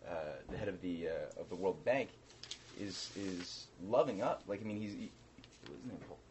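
Rambling low-voiced man in chat. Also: lively intonation, moderate pace, darkish tone, a little hiss or hum. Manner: rambling, hesitant, with many restarts. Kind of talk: casual political chat.

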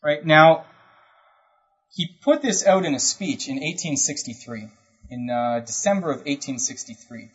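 A man's voice: a little high, expressive, measured pace, a bit bright. A man giving an informal history lecture, talking conversationally, often checking in with the listener and acting out historical speakers in brief asides. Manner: conversational, keeps checking in with "right?". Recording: dull lo-fi recording.

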